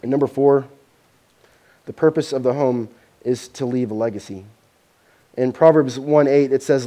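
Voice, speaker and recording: A pastor preaching a sermon, telling a story in an animated way that grows loud at its dramatic moments. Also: male voice, medium pitch, normal speed, pauses often.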